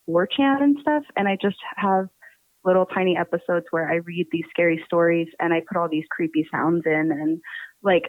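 A woman's voice: on the low side, normal speed, no room sound. Chatty woman with a New Jersey accent on a phone line. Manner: chatty, laughs often, swears casually. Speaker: podcast guest. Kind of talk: casual interview chat.

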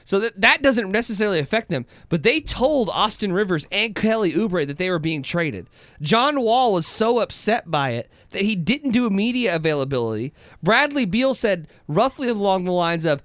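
A man co-hosting a post-game sports podcast in casual chat, excitable, often repeating words as he starts a sentence. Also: high voice, moderate pace, no echo, studio quality. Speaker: podcast co-host.

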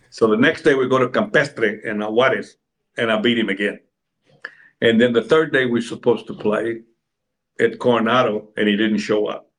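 A man's voice: on the low side, fairly even intonation, normal speed. An older man from Texas, an interview guest telling long stories and acting out other people's lines. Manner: rambling raconteur, acts out other people's lines. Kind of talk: anecdotal storytelling.

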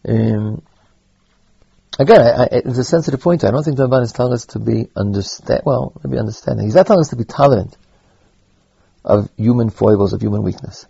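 A man teaching a Torah lesson, halting and repeating words as he thinks aloud, with Hebrew terms mixed in. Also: medium pitch, vocal fry, warm tone, slightly rough, dry recording, muffled recording. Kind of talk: spoken Torah lecture.

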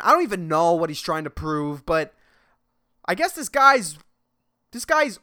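Animated, profane podcaster. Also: male voice, fairly high pitch, clear, resonant tone. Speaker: podcast host. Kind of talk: solo rambling podcast monologue.

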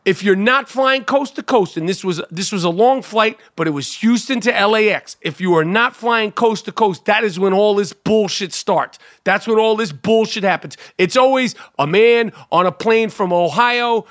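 A man's voice: high voice, normal speed, hardly any pauses, fairly bright tone, no room sound, clean studio sound. A man co-hosting a podcast in casual chat, profane and full of stumbling restarts. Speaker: podcast co-host.

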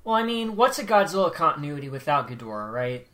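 Co-host, male, bright and sharp tone, laid-back, short answers. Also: on the high side, sing-song, fast talker. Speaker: podcast co-host. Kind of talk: casual movie review chat.

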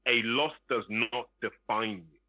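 A man's voice: mid-range voice, steady tone, measured pace, dry recording, muffled recording. A man co-hosting a casual podcast, opinionated and emphatic as he argues his point. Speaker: podcast co-host. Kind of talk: casual chat.

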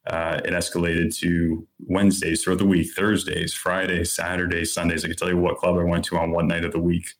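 A man in his thirties, a podcast guest, telling a personal story in an earnest, candid way, with plenty of "like" and "you know". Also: low-pitched.

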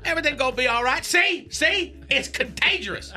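A man's voice: extremely high pitch, expressive, moderate pace, pushed and bright, full character voice. A man playing a crude, boastful radio character who invents long words and laughs through his lines on a morning comedy show, with music underneath.

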